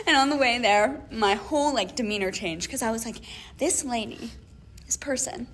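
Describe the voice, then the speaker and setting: A young woman co-hosting a casual chat podcast, telling an animated story with lots of laughs and acted-out emails. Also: on the high side, normal speed, a little hiss or hum. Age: young adult. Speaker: podcast co-host.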